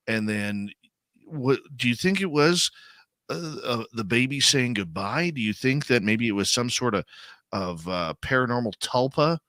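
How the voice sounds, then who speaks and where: A man's voice: lowish voice, pushed and bright, dry recording. A man hosting a radio interview, asking casual, probing questions. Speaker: radio host.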